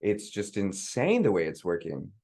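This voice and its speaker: A man's voice: low-pitched, normal speed. A man in his thirties hosting a podcast, eagerly agreeing and talking with enthusiasm. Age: 30s. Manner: enthusiastic, eager affirmations, animated delivery. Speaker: podcast host. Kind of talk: casual interview chat.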